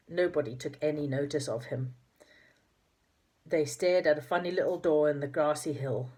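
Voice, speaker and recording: Low husky woman reading a storybook. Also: moderate pace, warm tone. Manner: unpolished reading with slips and self-corrections. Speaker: narrator. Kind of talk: reading a children's storybook aloud.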